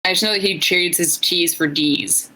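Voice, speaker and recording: A woman co-hosting a podcast in casual chat, a bit tipsy, chatty and quick to laugh at herself. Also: lowish voice, bright, forceful tone, rough recording. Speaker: podcast co-host.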